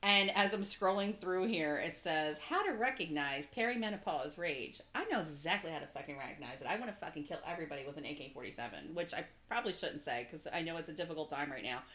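A woman's voice: low voice, fast, few pauses, echoey room. A woman in her early forties chatting casually, ranting with lots of swearing. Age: 40s. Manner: profane, animated ranting. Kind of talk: casual chat.

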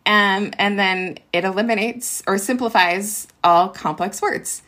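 Interview guest: a woman in her forties, chatty and animated, reliving a story with fillers and quoted lines. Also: mid-range voice, measured pace, few pauses. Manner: animated retelling with many fillers and quoted dialogue. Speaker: interview guest, ed tech worker and former teacher. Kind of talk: casual storytelling.

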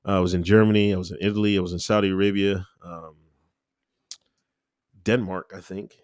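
A man gives a laid-back interview as a guest, rambling with lots of fillers and easy laughter. His deep voice holds a level tone, brisk and a little mellow, with no echo.

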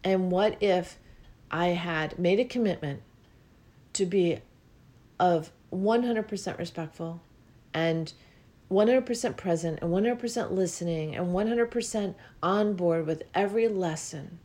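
A woman's voice: on the low side, measured pace, dark tone. A woman giving a reflective spiritual talk about listening to the body, earnest and repetitive, her voice rising with feeling and at times close to tears.

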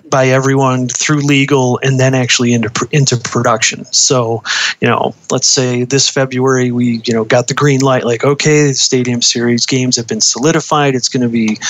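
A man's voice: mid-range voice, a bit bright, slight background noise. A man talking with many fillers. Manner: hesitant, many fillers and restarts. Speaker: uniform designer guest. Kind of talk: casual interview talk.

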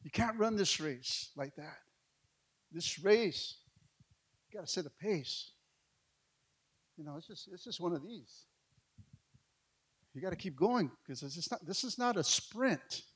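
High, bright-voiced preacher man. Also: unhurried, pauses often, breathy edge. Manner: energetic preaching, swings from loud to hushed. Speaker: pastor. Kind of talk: sermon.

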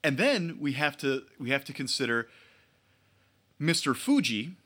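A man's voice: medium pitch, very animated, measured pace, fairly bright tone, breathy edge. A man co-hosting a podcast in casual chat, wry and joking, laughing often. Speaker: podcast co-host.

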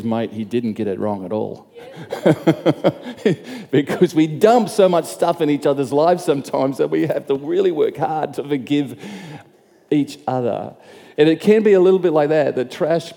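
A man's voice: mid-range voice, vocal fry, warm tone, in a large hall. A man preaching a sermon as pastor, conversational, repeating and restarting phrases and asking the crowd questions.

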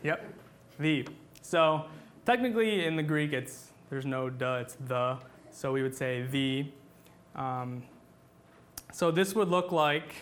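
Slow, halting man teaching a class. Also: fairly high pitch, lively intonation, a bit bright. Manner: patient, halting, with many fillers and restarts; sings short examples. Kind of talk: classroom lesson on chant.

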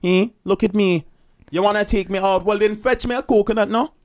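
A man's voice: sits high, steady tone, a little fast, a little mellow, pitched above the performer's own voice. A man voicing a sassy young woman who teases a suitor, with a playful, sing-song delivery. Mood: teasing.

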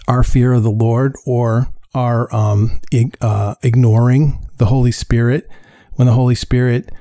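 Halting, mellow-voiced man on a podcast. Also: medium pitch, dry recording, studio quality. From upstate New York. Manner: halting, many fillers and restarts. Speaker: podcast host. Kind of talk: casual Christian podcast monologue.

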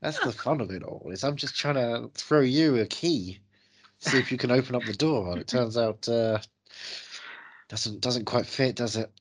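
A man's voice: mid-range voice, moderate pace. A man hosting a podcast, chatting casually in a playful, rambling, teasing way. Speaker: podcast host.

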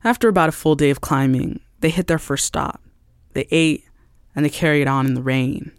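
A man narrating a radio story from a script in a measured, scene-setting way. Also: on the high side, clear, resonant tone, dry recording. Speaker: show narrator.

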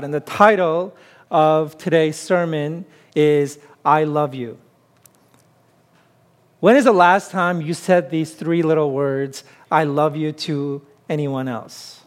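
A man preaching a sermon to his congregation in a relaxed, conversational way, often pausing on "uh", with playful asides that draw laughs. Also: on the high side, clear, resonant tone. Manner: conversational preaching with frequent "uh" fillers. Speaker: pastor.

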